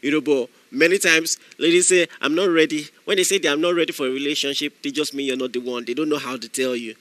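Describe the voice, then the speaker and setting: A man preaching a sermon as pastor, swinging from quiet asides to shouted exhortation. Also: fairly high pitch, fairly even intonation, fast, no room sound.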